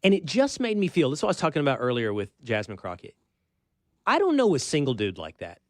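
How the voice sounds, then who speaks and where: A man's voice: mid-range voice, huge pitch swings, quick pace, dry recording. A man hosting a talk show, chatting in a casual, rambling, wry way. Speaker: show host.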